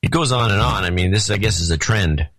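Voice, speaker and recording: A man's voice: fairly low pitch, a little fast, fairly bright tone, poor audio. A man co-hosting a podcast in casual chat, reading listener notes aloud with a dry, wry delivery. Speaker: podcast co-host.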